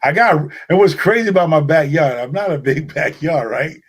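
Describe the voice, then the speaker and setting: A man's voice: a little high, moderate pace, breathy edge. Laid-back New man chatting. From New York City. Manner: rambling, laid-back, slangy. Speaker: podcast host. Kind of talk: casual chat.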